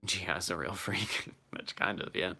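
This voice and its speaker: A man's voice: low-pitched, steady tone, a little slow, bright, forceful tone, soft background music. A man chatting casually on a live stream and answering his chat, laughing often and swearing freely.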